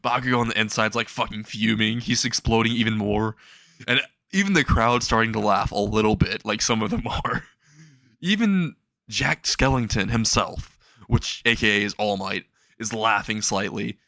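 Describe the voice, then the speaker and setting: A man's voice: on the low side, normal speed, pushed and bright, no echo. Young male narrator, casual and rambling, dry close sound. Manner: laughs at his own jokes, rambling. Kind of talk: casual comedic storytelling.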